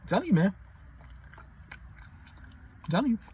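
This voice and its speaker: A man giving relationship advice in a casual, slangy monologue, repeating himself and now and then putting on high voices for people he quotes. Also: sing-song, normal speed, dark tone, breathy edge. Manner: slangy, repetitive, street-talk delivery. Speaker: advice vlogger.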